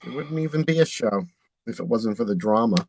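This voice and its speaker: A man's voice: mid-range voice, animated, a little fast, background noise. A man, a drag performer and channel host, chatting casually while doing makeup and laughing often.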